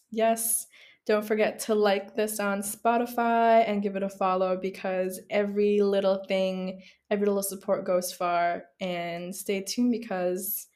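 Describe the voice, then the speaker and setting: Woman doing her solo podcast, earnest and heartfelt, chatty. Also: medium pitch. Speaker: podcast host. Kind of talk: casual solo podcast talk.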